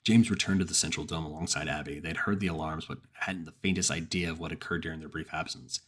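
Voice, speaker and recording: A man narrating a horror story in the first person, slow and grave. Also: very deep voice, fairly even intonation, a bit bright, husky.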